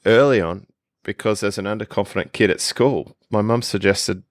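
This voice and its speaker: A man's voice: fairly low pitch, moderate pace, no room sound, studio quality. A man with an Australian accent, a podcast guest explaining things with enthusiasm in casual conversation.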